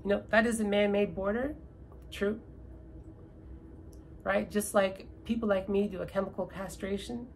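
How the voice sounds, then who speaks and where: Gravelly persuasive woman from Canada. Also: medium pitch, steady tone, normal speed, long pauses, a little hiss or hum, low-quality recording. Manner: persuasive, rhetorical questions. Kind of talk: casual opinionated talk.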